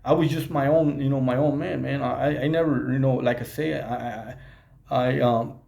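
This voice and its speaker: A man who was in prison telling his own story in a halting way, with many restarts and Spanish slang. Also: mid-range voice, fairly even intonation, gravelly, warm tone, reverberant. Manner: mixes in Spanish slang words. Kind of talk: casual storytelling to camera.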